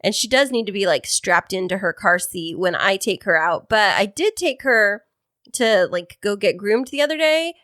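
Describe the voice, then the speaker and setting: A woman co-hosting a podcast in casual chat, talkative and quick to laugh. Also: medium pitch, animated, a bit bright, no echo, clean studio sound. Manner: chatty, laughs easily. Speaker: podcast co-host.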